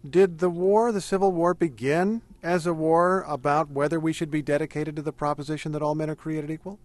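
A man hosting a radio news program, asking the guest brisk, direct questions. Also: a little high, fairly even intonation, no echo. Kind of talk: news interview.

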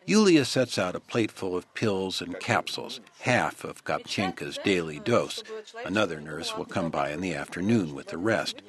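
A male radio reporter giving measured, descriptive scripted news narration. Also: deep voice, lively intonation, crowd noise.

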